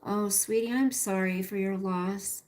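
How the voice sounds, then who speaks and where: A woman's voice: mid-range voice, fairly even intonation, unhurried, darkish tone. A middle-aged woman hosting a casual livestream, rambling and chatty as she talks to viewers by name and reads their comments. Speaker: livestream host.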